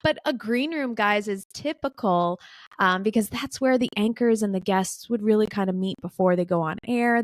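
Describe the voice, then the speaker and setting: A woman's voice: mid-range voice, no echo. Chatty woman hosting an interview. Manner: talks straight to the audience, frequent fillers like "you know". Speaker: podcast host. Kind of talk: conversational interview.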